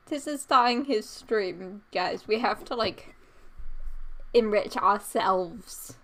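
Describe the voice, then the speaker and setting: A woman's voice: a little high, animated, slow, long pauses. A young woman streaming live, chatting casually to her chat and repeating silly noises in a goofy, playful way.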